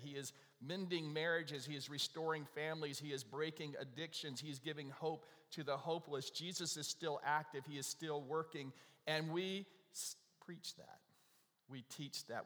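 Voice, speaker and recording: A man's voice: fairly high pitch, a bit bright. A middle-aged man preaching an Easter sermon, telling stories and often asking the congregation "right?". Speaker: pastor. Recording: long hall reverb.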